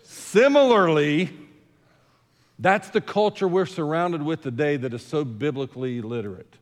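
A man's voice: fairly high pitch, animated, moderate pace, big-room sound. An older man preaching a sermon as senior pastor, talking in a conversational way with joking asides and repeating words as he starts a thought. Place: church sanctuary.

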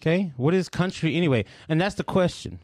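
A man's voice: a little high, lively intonation, a little fast, darkish tone, dry recording. A man hosting a casual podcast chat, laid-back and profane, who says "dude" often.

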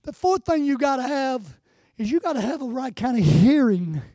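An older man preaching an impassioned sermon as a guest speaker, swelling to shouts and close to tears. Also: very high-pitched, lively intonation, normal speed, dry recording.

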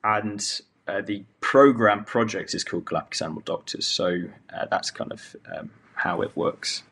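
Male vet guest, lowish voice, modest, hesitant. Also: moderate pace, a bit bright, husky. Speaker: veterinarian and charity founder guest. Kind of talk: casual interview chat.

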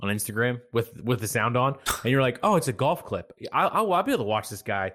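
A man's voice: medium pitch, animated, fast, fairly bright tone, a little hiss or hum. A man co-hosting a casual sports podcast, chatty and joking. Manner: chatty, joking, laughs often. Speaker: podcast co-host.

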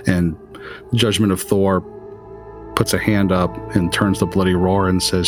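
A man's voice: low-pitched, level tone, measured pace, pauses often, soft background music. A man narrating a tabletop role-playing game as game master, casual and rambling.

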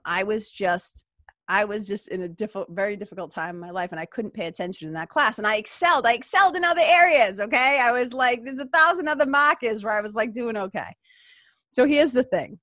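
A woman's voice: mid-range voice, lively intonation, a little fast, a bit bright, no room sound, studio quality. A woman, hosting a podcast and telling stories from her own life in a candid, casual way, swearing freely and using lots of fillers. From Massachusetts. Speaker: podcast host. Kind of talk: casual storytelling monologue.

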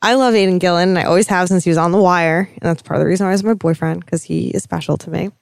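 A woman co-hosting a casual TV recap chat, talking in an animated, gushing way with some swearing. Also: fairly low pitch, quick pace, vocal fry, no echo, studio quality. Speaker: podcast co-host.

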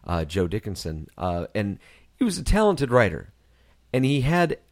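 A man's voice: on the low side, sing-song, normal speed. A man co-hosting a podcast in casual chat, telling stories frankly with frequent restarts. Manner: candid, rambling storyteller with many restarts. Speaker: podcast co-host.

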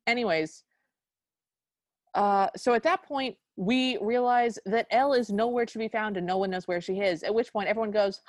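A woman's voice: medium pitch, normal speed, no echo. Woman podcast co-host, sarcastic and exasperated movie recap, dry recording. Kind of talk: casual chat recapping a movie.

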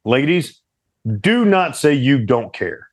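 A young man co-hosting a casual relationship chat with his partner, teasing and animated as he tells stories. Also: medium pitch, takes it slowly, dry recording. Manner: playful, teasing, animated storyteller. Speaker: podcast co-host.

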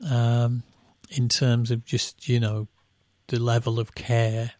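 A man's voice: medium pitch, monotone, takes it slowly, darkish tone, dry recording. A middle-aged man from England, a band musician telling rambling anecdotes in casual chat, with restarts and laughs at his own stories.

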